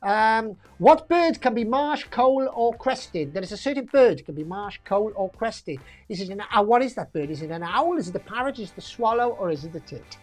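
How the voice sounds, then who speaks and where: A woman's voice: medium pitch, lively intonation, normal speed, hardly any pauses, soft background music. A woman hosting a pub quiz live stream in a chatty, jokey way, reading out answers and laughing often.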